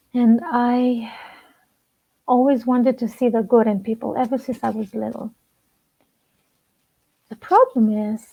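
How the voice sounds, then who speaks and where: A woman relationship coach speaking slowly and deliberately to camera, soft-spoken with long pauses, in a personal talk. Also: a little high, breathy edge. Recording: dull lo-fi sound.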